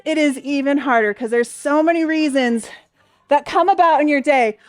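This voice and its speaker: Upbeat pilates teacher lady, high voice, counting reps and whooping, kinda out of breath. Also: moderate pace, no echo. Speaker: Pilates instructor. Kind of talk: workout class instruction.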